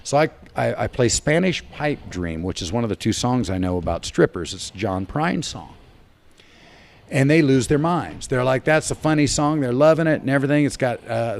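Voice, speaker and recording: A man from the United States tells a story as a podcast guest, his mid-pitched voice jumping from quiet asides to loud punchlines. He leans hard into the telling, swinging between booming and hushed. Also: creaky.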